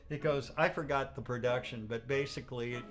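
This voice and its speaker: A man's voice: medium pitch, moderate pace, soft background music. A man telling a rambling anecdote in an interview, full of asides and quoted voices. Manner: rambling, full of "you know", animated quoting. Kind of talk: casual anecdotal storytelling.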